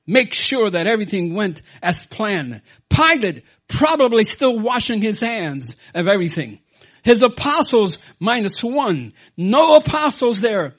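A man delivers a sermon in a fairly high voice that moves a great deal in pitch. He drops to quiet asides, then rises to loud, emphatic declarations. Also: slightly rough. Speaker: pastor.

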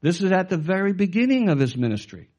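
A middle-aged man preaching as a pastor, his voice pitched a little above most men's. He delivers the sermon emphatically, reads out scripture and throws questions back to the congregation. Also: big pitch swings, quick pace, darkish tone, lo-fi sound.

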